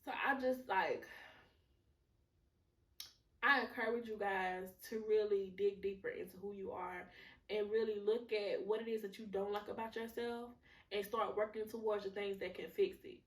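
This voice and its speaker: A woman with a mid-range voice hosts a podcast, sharing a personal testimony candidly and emotionally, swearing freely and filling her speech with fillers. Her intonation stays fairly even at a normal speed, and she sounds far from the mic in a roomy space.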